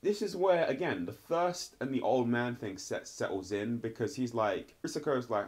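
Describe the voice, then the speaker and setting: A man's voice: mid-range voice, expressive, normal speed, hardly any pauses, a little mellow. A man casually reviewing a TV episode, rambling and filling his talk with "like" and "sort of". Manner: rambling, heavy use of "like" and "sort of". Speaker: TV show reviewer.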